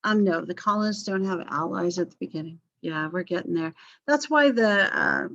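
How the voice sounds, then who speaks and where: A woman teaching a history class online in a relaxed, conversational way, with frequent fillers and apologetic asides. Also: lowish voice, moderate pace, lo-fi sound. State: coughing, yawning.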